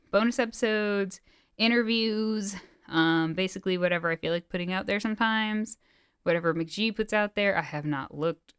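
A rambling, breathless woman chats casually on a podcast. Her voice is low-pitched for a woman and very smooth. The sound is dry and close. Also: fairly bright tone, dry recording. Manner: rambling with many fillers. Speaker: podcast co-host.

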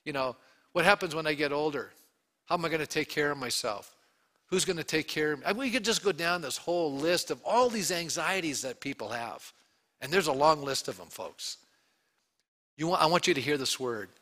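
A man, a pastor, preaching an Easter sermon to his congregation, telling the story with animated asides and questions to the room. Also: a little high, fairly quick. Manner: animated storytelling, acting out quotes.

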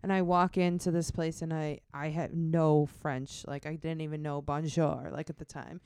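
A woman's voice: low-pitched, normal speed, smooth. An American woman in casual chat, telling a travel story with lots of "like" and acted-out quotes. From United States. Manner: animated storyteller, acts out quoted voices, says "like" often.

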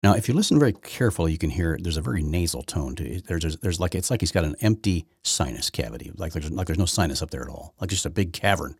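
Deep-voiced, sarcastic male podcast host. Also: animated, fast talker, few pauses, husky, dry recording, studio quality. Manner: sarcastic, rambling, repeats words often. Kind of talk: opinionated political commentary.

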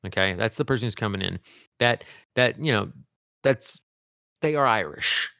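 Low-voiced rambling podcast man. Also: moderate pace, gravelly, no room sound, clean studio sound. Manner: rambling, restarts often, animated. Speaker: podcast co-host. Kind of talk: casual chat.

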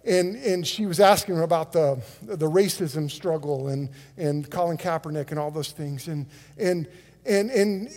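A man with a high voice preaching a sermon from the pulpit, emphatic and dramatic, often repeating words and restarting phrases as he builds his point. He acts out quotes in his delivery. The sound carries a long reverb from a large church hall. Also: moderate pace, a little mellow. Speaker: pastor. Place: church sanctuary.

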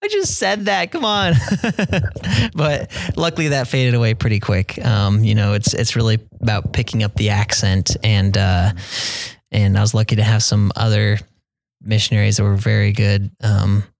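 A young man talking casually as an interview guest about his mission, hesitant, with many pauses and fillers. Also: lowish voice, steady tone, creaky, dry recording. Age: young adult. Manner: soft-spoken, hesitant with many ums, quotes people in a raised voice.

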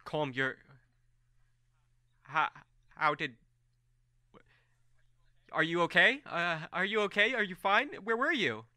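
A man's voice: mid-range voice, slow, long pauses, sharp tone, smooth, dry recording, clean studio sound, pitched above the performer's own voice, exaggerated voice. A man voicing a young noblewoman who speaks in urgent, stammering bursts. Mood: worried. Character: young noblewoman, earnest and teary.

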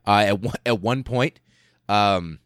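A male podcast host telling a history story casually, in an excitable, profane way full of fillers and restarts. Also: on the low side, takes it slowly, smooth, dry recording, clean studio sound.

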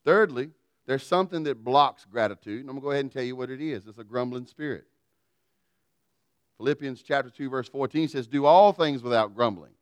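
A man's voice: medium pitch, brisk, smooth, dry recording, highs cut off. A man preaching a sermon in a folksy, humorous storytelling way. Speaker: pastor.

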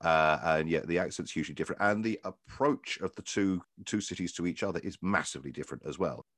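Deep-voiced male interview host. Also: fast talker, a bit bright, no room sound, studio quality. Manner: thoughtful, long winding questions with restarts. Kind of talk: casual interview chat.

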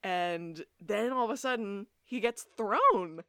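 A woman's voice: medium pitch, takes it slowly, no room sound, clean studio sound. A woman co-hosting a podcast, recapping a TV episode in casual chat, swearing freely and acting out the characters' lines. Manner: animated, swears freely, acts out quotes. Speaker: podcast co-host.

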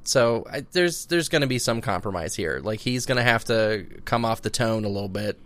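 A man's voice: lowish voice, animated, moderate pace, a bit bright, no echo. A young man co-hosting a casual advice podcast, swearing freely and laughing through his stories. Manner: profane, laid-back, laughs while telling stories. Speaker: podcast co-host. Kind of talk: casual advice chat, reading listener letters.

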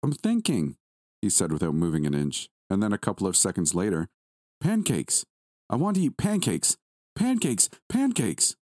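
A man doing a high-voiced little boy. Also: very animated, a little fast, mellow, no echo, clean studio sound. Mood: excited. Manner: high childlike voice, giggly and sniffling. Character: small shy boy, playful then frightened.

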